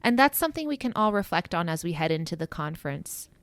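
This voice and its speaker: A woman's voice: lowish voice, big pitch swings, fast talker, creaky, no echo. A woman co-hosting a teaching podcast in casual, upbeat chat, laughing easily. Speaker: podcast co-host.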